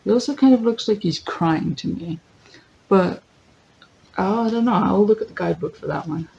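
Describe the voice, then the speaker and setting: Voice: mid-range voice, normal speed, vocal fry, mellow, lo-fi sound, slight background noise. A tarot reader giving a casual general reading, thinking aloud, correcting themselves, laughing easily and reading lists from a guidebook. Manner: chatty, thinks aloud, often corrects itself.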